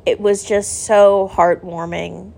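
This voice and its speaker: A woman's voice: mid-range voice, flat delivery, takes it slowly, creaky, a little mellow. Young adult woman, casual vlogger; chatty, emotional storytelling. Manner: chatty, heavy use of "like", emotional.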